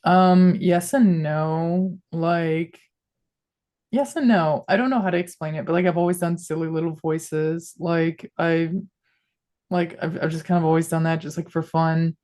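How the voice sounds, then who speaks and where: A woman's voice: sits low, steady tone, unhurried, dark tone. A woman guest on a podcast, chatting casually and rambling with constant "like" fillers in a playful way. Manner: playful, switches between voices. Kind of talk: casual interview chat.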